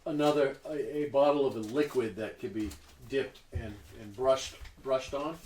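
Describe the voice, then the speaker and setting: A man narrates as game master, halting often and repeating words as he goes. His pitch sits in the middle range, and he sounds distant in an echoey room with faint hiss behind him. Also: darkish tone.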